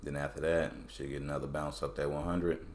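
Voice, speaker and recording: Very deep-voiced man walking through charts. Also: quick pace, a little hiss or hum. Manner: relaxed, colloquial, loose phrasing. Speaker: crypto chart analyst. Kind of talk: casual screen-recorded chart analysis.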